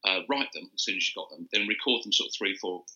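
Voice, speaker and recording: Older man, low bright voice. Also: quick pace, dull audio. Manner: rambling storyteller with restarts and chuckles. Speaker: interview guest, advertising copywriter. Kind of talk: casual anecdotal interview.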